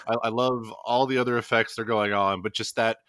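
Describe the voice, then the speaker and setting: A man's voice: fairly low pitch, steady tone, fairly quick, fairly bright tone, no room sound. A man co-hosting a podcast in casual chat, jumping in enthusiastically.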